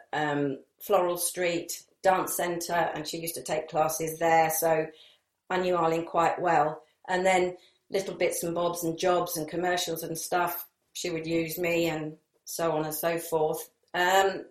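Interview guest, woman from the south of england, meandering anecdotes, echoey room. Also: fairly low pitch. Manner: rambling, many ums and asides. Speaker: actress guest.

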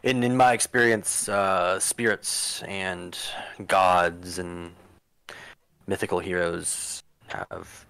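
A man's voice: sits low, level tone, slow, creaky, a bit bright, smooth, no echo, full character voice. A man voicing a wary, irritable hermit of the woods. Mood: dismissive.

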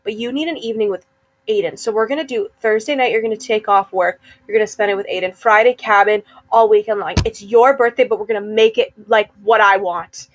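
A young woman, co-hosting a podcast in casual chat, talking fast and laughing often. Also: medium pitch, dull audio. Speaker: podcast co-host.

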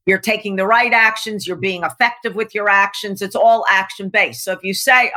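A middle-aged woman speaking as a guest coach on a podcast, animated and emphatic, often acting out voices. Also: mid-range voice, brisk, hardly any pauses. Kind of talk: podcast interview, coaching talk.

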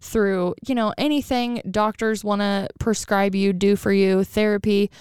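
A woman's voice: mid-range voice, unhurried, clean tone, no room sound, studio quality. A woman co-hosting a podcast in casual, chatty conversation, talking freely about her spiritual experiences. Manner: chatty, animated, acts out voices. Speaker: podcast co-host. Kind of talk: casual chat.

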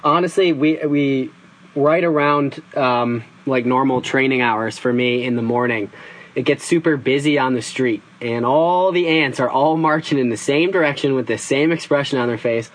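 A man's voice: mid-range voice, moderate pace, low-quality recording. A man hosting an interview, chatting casually and laughing along with his guest.

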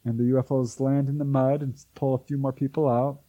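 A man's voice: mid-range voice, fairly quick, no room sound, dull audio. A man, an author and researcher, telling a long story in an interview and acting out the voices of the people in it. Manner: animated storyteller who acts out quoted voices. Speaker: author and UFO researcher, guest.

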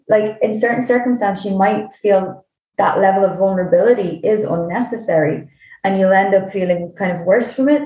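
A woman co-hosting a casual podcast chat about nutrition coaching, speaking in a measured, thoughtful way with frequent fillers like "kind of" and "like". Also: lowish voice, mellow. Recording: roomy echo.

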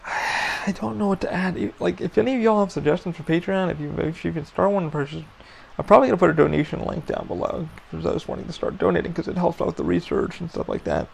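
A man hosting a solo podcast, venting his frustration in a gravelly voice full of fry and heavy swearing. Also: sits high, quick pace, darkish tone, a little hiss or hum. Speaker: podcast host.

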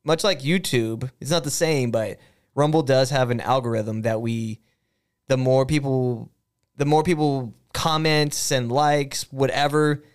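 A man's voice: medium pitch, fairly even intonation, unhurried, clear, resonant tone. A young man co-hosting a casual podcast, loose and joking, laughing often and swearing. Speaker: podcast co-host.

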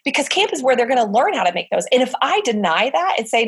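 A middle-aged woman speaking as an interview guest, telling stories in a casual, animated way with plenty of fillers and acted-out quotes. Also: fairly high pitch, fast, slightly rough. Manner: animated storyteller, acts out quoted voices, frequent fillers. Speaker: guest, summer camp director.

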